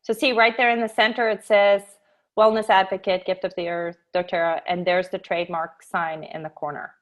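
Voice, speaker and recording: A woman leading an online sales training, talking through her table pitch in a brisk, chatty way and acting out what she says to customers, heard over a video call. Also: flat delivery. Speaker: essential oils sales trainer. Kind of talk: casual screen-share training talk.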